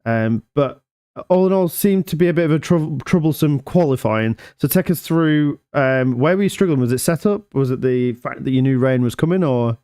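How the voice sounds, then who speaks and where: A man's voice: on the high side, expressive, moderate pace, hardly any pauses, mellow, smooth, dry recording, clean studio sound. A man hosting a casual sim racing league interview, asking chatty, joking questions with lots of ums. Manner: chatty, jokey, filler-heavy questions. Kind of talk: casual post-race interview.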